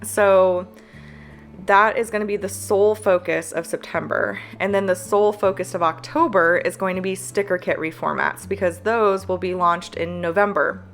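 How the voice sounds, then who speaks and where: Earnest lower-voiced woman vlogging. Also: fairly even intonation, faint music behind. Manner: earnest, halting, with fillers. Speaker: planner business owner. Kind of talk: candid talking-to-camera vlog.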